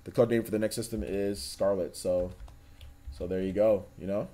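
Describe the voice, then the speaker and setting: Faint music sits under a man's mellow, lowish voice as he hosts a livestream at a normal pace with fairly even intonation. His talk wanders casually, packed with fillers and aimed right at his chat.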